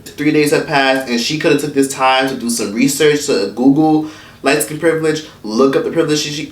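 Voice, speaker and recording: A man's voice: mid-range voice, fairly bright tone, recorded from a distance. A man giving a blunt, profane, heated commentary rant for his vlog. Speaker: online commentator. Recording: echoey room, away from the mic.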